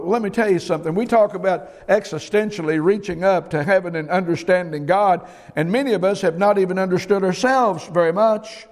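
A man's voice: high-pitched, fairly quick. A middle-aged man preaching a sermon, emphatic and folksy, often repeating his words. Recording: long hall reverb.

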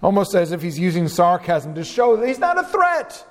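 Male pastor, high voice, emphatic verse-by-verse preaching, long hall reverb. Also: sing-song, normal speed. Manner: reads scripture verses aloud and explains them, emphatic. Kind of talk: expository sermon.

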